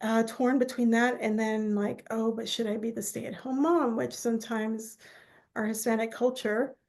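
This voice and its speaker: A woman therapist speaking as a podcast guest, telling family stories in a lively conversational way and acting out relatives' words. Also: a little high, normal speed. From United States. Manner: animated storyteller who acts out quoted relatives. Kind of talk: conversational interview storytelling.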